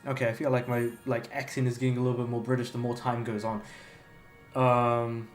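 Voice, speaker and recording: A man's voice: mid-range voice, flat delivery, fairly quick. A young man chatting casually while livestreaming a game, rambling with lots of fillers and restarts. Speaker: game streamer. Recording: echoey room, faint music behind.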